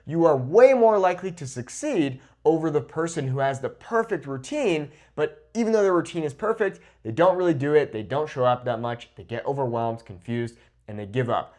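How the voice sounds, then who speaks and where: A man with a voice a little higher than usual talks through his tips as a Spanish teacher. His delivery is informal and lively, and he keeps checking in with short "okay?" and "right?" asides. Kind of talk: conversational teaching to camera.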